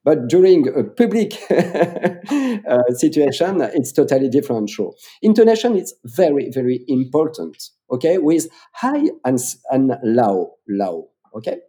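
A man with a French accent explains public speaking techniques as a coach. His pitch swings widely as he stresses words, and he often repeats them for emphasis. His tone is dark and mellow. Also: sing-song, measured pace, hardly any pauses. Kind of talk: explaining in an interview.

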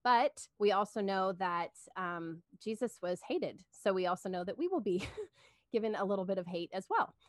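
A woman's voice: mid-range voice, animated, moderate pace, no room sound. Woman, podcast guest, earnest and giggly, dry close mic. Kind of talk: casual faith-based podcast chat.

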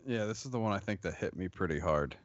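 A man in a casual beer podcast chat, calm and matter-of-fact. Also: sits low, fast talker, dry recording, lo-fi sound.

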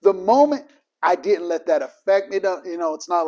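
Ministry trainer, man, high-pitched, emphatic storyteller. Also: animated, moderate pace, warm tone. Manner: storytelling, acts out both sides of conversations, emphatic. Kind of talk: casual teaching talk.

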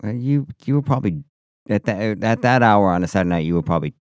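Low-voiced sarcastic man, dry close sound. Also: expressive, fast, a little mellow, no room sound. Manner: sarcastic, opinionated, teasing. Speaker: podcast co-host. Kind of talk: casual banter.

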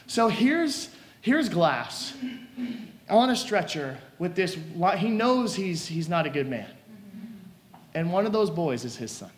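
Male preacher, high voice, lively storytelling sermon, acts out scenes. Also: slow pace.

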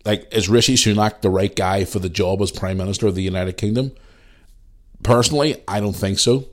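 A man's voice: fairly low pitch, a little fast. A man with a Northern Irish accent hosting a podcast, telling stories in a blunt, opinionated way. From Northern Ireland. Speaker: podcast host. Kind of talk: casual monologue.

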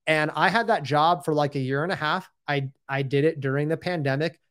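A man's voice: on the high side, a little fast, fairly bright tone. A man in his thirties telling his own story in a casual, rambling and candid way, often saying "dude" and "like".

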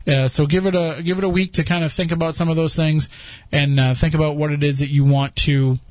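A man's voice: a little high, steady tone, fairly quick, a little mellow, no room sound. Man, podcast host, casual rambling chat, fillers, dry close mic. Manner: rambling, chuckling, many fillers.

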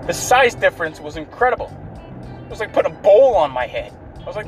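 A man with a high, light voice rants about his day, swearing freely and sounding fed up throughout. He talks from inside a car, with faint music playing in the background. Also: big pitch swings, quick pace. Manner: profane, exasperated ranting. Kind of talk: ranting story.

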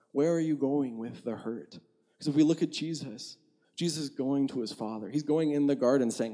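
Man, young adult, pastor, casual sermon, conversational, dark mellow tone. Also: mid-range voice, moderate pace. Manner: conversational, frequent "like" fillers, laughs at himself.

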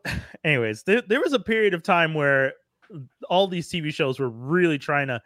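A man co-hosting a podcast, chatting casually with quick reactions. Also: fairly high pitch, expressive, fairly bright tone, no echo, clean studio sound. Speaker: podcast co-host. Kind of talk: casual chat.

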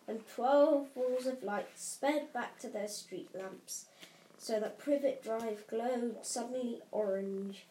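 Slow, mellow woman reading a storybook. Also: mid-range voice. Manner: slow, unhurried, occasional slips. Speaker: audiobook reader. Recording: roomy echo, faint hiss.

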